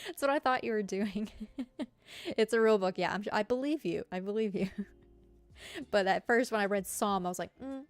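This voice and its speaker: Southern-accented woman streamer, casual giggly chat, mid-range voice, soft music under. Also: mid-range voice, normal speed, pauses often, dry recording. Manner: chatty and giggly, lots of fillers. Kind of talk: casual chat with live viewers.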